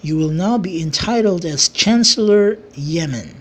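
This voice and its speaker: A narrator voicing a stern king who scolds and sentences his traitor brother in a homemade fantasy story, giving slow commands. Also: medium pitch, expressive, breathy edge.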